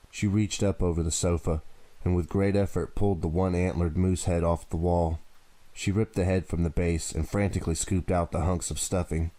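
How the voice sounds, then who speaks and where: A man with a very deep voice narrating a thriller audiobook in a steady, dramatic way. The recording is close and dry, with no room sound. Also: normal speed, no room sound. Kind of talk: audiobook reading.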